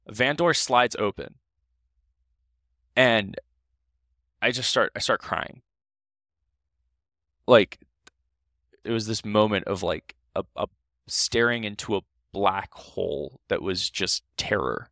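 A young man from Ohio, a podcast guest, telling a story in casual, animated talk full of restarts. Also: lowish voice, slow pace, gravelly, pauses often, no room sound, clean studio sound.

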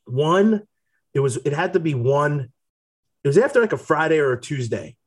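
A man, a former college player, telling animated stories in a casual chat. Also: a little high, breathy edge. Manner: animated storyteller, quick to laugh.

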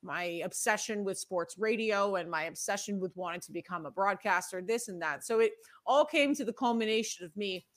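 A woman's voice: medium pitch, a little fast. A woman in her thirties from New England, hosting a casual podcast chat and telling stories with animation. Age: 30s. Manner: animated storytelling, acts out her past self. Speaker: podcast host.

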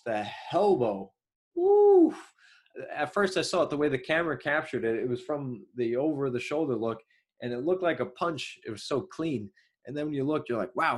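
A young man with a Long Island accent hosting an MMA show, giving excitable solo commentary with loose fillers and sudden outbursts. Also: medium pitch.

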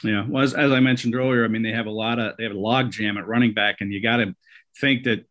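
A man's voice: lowish voice, steady tone, fast, fairly bright tone. A man hosting a casual sports talk show, conversational, with many fillers and restarts. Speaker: sports podcast host.

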